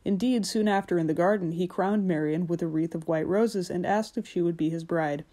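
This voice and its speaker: Lady reading a fairy tale audiobook, calm and gentle, steady pace. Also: on the low side. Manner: measured, gentle storytelling. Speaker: audiobook narrator.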